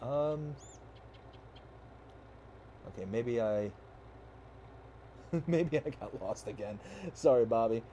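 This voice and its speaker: A man's voice: medium pitch, slow, long pauses, warm tone, muffled recording. Upbeat young male streamer from the US South, casual and rambling, faint background noise. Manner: upbeat, rambling, reads chat aloud. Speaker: livestream host. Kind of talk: casual live-stream chat.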